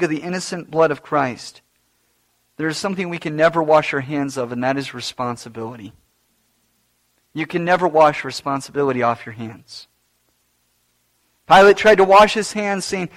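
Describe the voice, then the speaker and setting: A man preaching with a high-pitched voice. He builds his delivery dramatically, swelling to loud emphasis and then sinking low. It is a sermon from the pulpit, earnest and theatrical.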